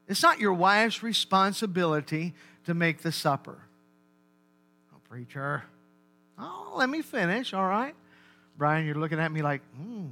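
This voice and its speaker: High, bright-voiced man preaching. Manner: animated, repeats words, calls to congregation. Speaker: pastor. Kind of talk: sermon.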